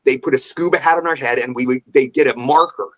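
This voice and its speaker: Speaking over a remote call, an older actor guesting on a podcast reels off show-business anecdotes at a brisk pace with lively energy. His pitch stays in an ordinary middle range, and he shifts into voices when quoting people.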